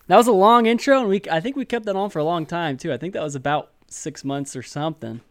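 A man's voice: high voice, fast, no room sound, clean studio sound. A man co-hosting a podcast, chatting casually with lots of filler words. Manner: chatty, hesitant with many fillers. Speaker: podcast co-host.

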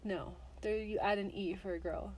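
A woman's voice: mid-range voice, fairly even intonation, moderate pace, a little mellow. A woman who grew up French-speaking, co-hosting a casual chat and patiently correcting her partner's pronunciation. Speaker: co-host. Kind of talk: casual language-swap chat.

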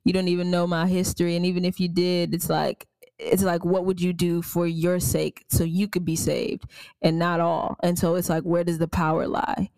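Low-voiced woman host, dry sound. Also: normal speed, creaky, dry recording. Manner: expressive, exclamatory reactions. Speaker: podcast host. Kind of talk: casual conversation.

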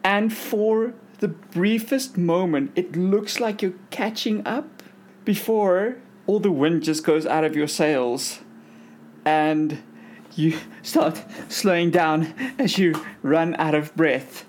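A woman narrating a tabletop game as game master in a steady, descriptive way. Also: on the low side, takes it slowly.

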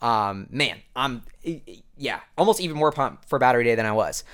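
A male vlogger talks through a recap in a casual, rambling way. He rushes along at a quick clip and fills his sentences with fillers. His excitement spikes now and then, and his voice sits at an ordinary pitch. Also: clean tone.

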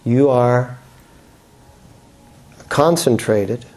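A man giving a relaxed, joking talk to a room full of people at the start of a yoga class, often checking in with rhetorical questions. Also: mid-range voice, very slow. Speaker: yoga teacher.

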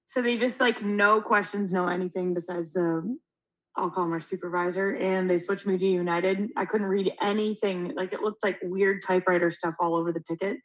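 A woman's voice: lowish voice, normal speed, poor audio. A young woman co-hosting a podcast, telling a story in casual chat, acting out quotes and swearing freely. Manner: animated, acts out quotes, swears. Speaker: podcast co-host.

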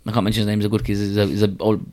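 A man's voice: lowish voice, level tone, racing, darkish tone. A man telling a story and giving advice in an emphatic, repetitive way, full of street slang.

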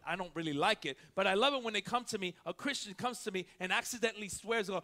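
A male pastor preaching a sermon with a very high, bright, forceful voice. He tells stories with quick back-and-forth dialogue, then swings from quiet asides to loud preaching. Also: animated.

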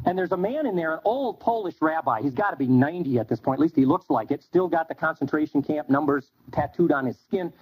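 A man teaching a Bible class, telling stories in an animated way and acting out bits of dialogue. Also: fairly high pitch, breathy edge. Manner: animated storytelling with quoted dialogue. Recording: dull lo-fi recording.

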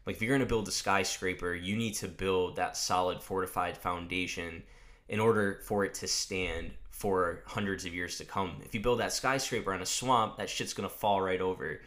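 A man hosting a podcast, giving a loose, energetic motivational monologue and swearing casually. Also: sits low, normal speed. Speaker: podcast host.

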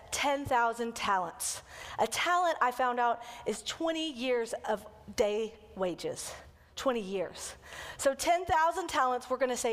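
A woman kids' pastor preaching a sermon as a lively storyteller who acts out the quotes. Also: high voice, big-room sound.

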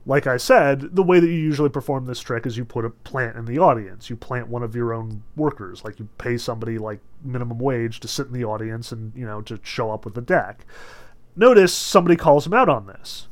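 A man's voice: medium pitch, a little fast. A man lecturing about a novel in a casual, chatty way, often saying "like" and "notice". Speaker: literature lecturer. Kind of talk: lecture with read-aloud passages.

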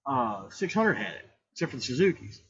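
A man's voice: medium pitch, sing-song, fairly quick, a bit bright. A man chatting casually about motorcycles as a podcast co-host, rambling and restarting sentences. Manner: rambling, talks over others, restarts a lot. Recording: muffled with clear background noise.

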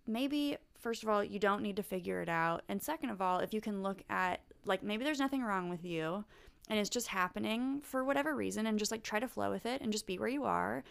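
Woman, young adult, podcast co-host, casual chat, gravelly fry, smooth tone. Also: medium pitch. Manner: chatty, swears casually, many fillers.

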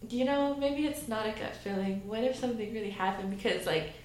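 A woman's voice: on the high side, a little fast, echoey room. A young woman telling stories in casual chat, laughing often, swearing freely and saying "like" a lot.

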